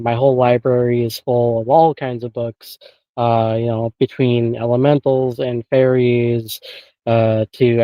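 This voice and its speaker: This interview guest has a mid-range, dark-toned voice, captured in a low-quality recording with no echo. Talking over a remote call, he rambles casually about paranormal investigating, leaning on filler phrases and frequent chuckles.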